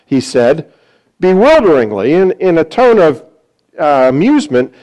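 Animated older man preaching a sermon. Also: sits high, normal speed, rough recording. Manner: rambling, self-deprecating humor. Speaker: guest preacher.

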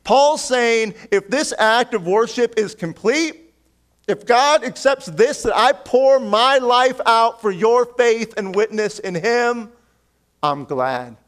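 A man preaching a sermon as a pastor, earnest and pleading, calling his listeners friends and swinging between raised emphatic lines and quiet low asides. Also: takes it slowly.

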